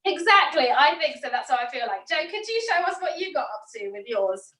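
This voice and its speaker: A woman, a theatre director leading an online acting workshop, talking in a lively, demonstrative way. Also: high-pitched, brisk. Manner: lively, demonstrative, laughs often. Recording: echoey room, mic at a distance.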